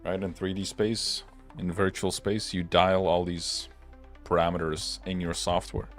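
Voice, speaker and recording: A man's voice: low-pitched, little pitch movement, measured pace, faint music behind. A young man hosting a livestream, chatting casually in a rambling, loose and profane way. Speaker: livestream host. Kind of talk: casual livestream chat while working.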